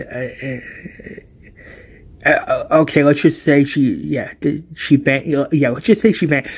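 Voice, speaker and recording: Slow talking guy ranting about a movie, gets worked up, lots of stumbles and restarts. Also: medium pitch. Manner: animated, exasperated, full of restarts and hesitations. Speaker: movie reviewer. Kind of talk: casual ranting review.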